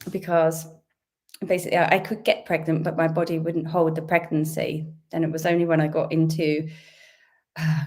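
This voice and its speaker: A British woman from the UK, a little croaky from a sore throat, hosting a chatty, upbeat live-stream Q&A from home and greeting her viewers. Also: low voice. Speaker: host. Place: home indoors.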